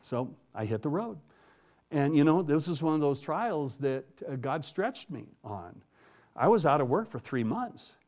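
A man's voice: fairly high pitch, sing-song, unhurried, a little mellow. A man telling a personal faith story as an interview guest, folksy and plainspoken, chuckling often and restarting his words. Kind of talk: casual spoken testimony.

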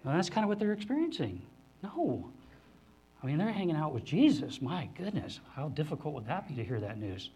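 A man preaching a sermon to a congregation in a conversational, animated way, often acting out the voices of others. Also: a little fast, a little hiss or hum. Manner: animated, acts out the disciples' voices in higher pitch; conversational, with restarts and asides to the congregation. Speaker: pastor. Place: church hall before a congregation.

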